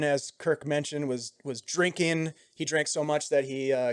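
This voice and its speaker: A man acting as game master, recapping and narrating a tabletop game in a relaxed way, often trailing off softly. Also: mid-range voice, clean tone, no room sound, studio quality. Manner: relaxed, with frequent ums and trailing soft phrases.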